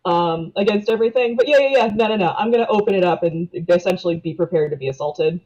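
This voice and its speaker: Woman player at a tabletop game, wry, swears a bunch, quick asides. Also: lowish voice, darkish tone, dull audio. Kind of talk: casual tabletop game chat.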